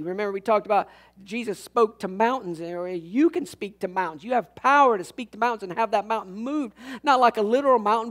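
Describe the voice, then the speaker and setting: His voice is high as he preaches, folksy and full of energy. This pastor tells funny stories, his delivery shifting between loud outbursts and quiet, hushed moments.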